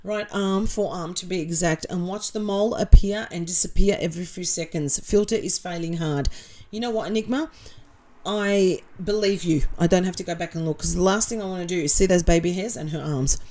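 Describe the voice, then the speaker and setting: A woman's voice: fairly low pitch, fairly quick, a little mellow. A woman with an Australian accent hosting a casual livestream, reading viewer comments aloud and answering them in a blunt, sarcastic way. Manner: blunt and sarcastic, swears freely.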